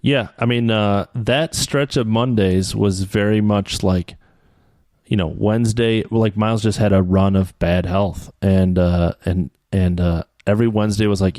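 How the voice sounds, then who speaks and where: A man chatting on a podcast, telling animated stories and acting out what others said. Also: on the low side, measured pace, dry recording, studio quality. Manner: animated storyteller, quoting others. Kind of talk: casual podcast chat.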